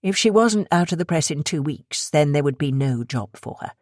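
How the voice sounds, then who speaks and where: A woman with a deep, low-set voice reads a suspense novel aloud in a steady, measured delivery. The sound is close and completely dry, with no room around it. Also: dry recording. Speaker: audiobook narrator. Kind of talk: scripted thriller narration.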